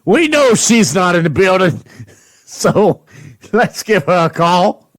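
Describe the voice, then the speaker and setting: Loud joking radio dj guy, kinda high voice, laughs at his own jokes, dead dry studio sound. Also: very animated, slow, dry recording, rough recording. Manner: mocking, laughs often. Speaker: radio host. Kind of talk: rowdy radio prank bit.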